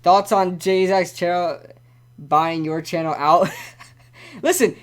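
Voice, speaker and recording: A man's voice: high voice, a little slow. A young man hosting a casual live-stream sports talk show, rambling and ranting animatedly with lots of repeats.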